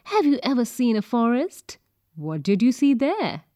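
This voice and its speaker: Slow, clear woman reading lesson prompts. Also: a little high, very animated, dark tone, no room sound, studio quality. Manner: clear, careful classroom delivery. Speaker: textbook reader.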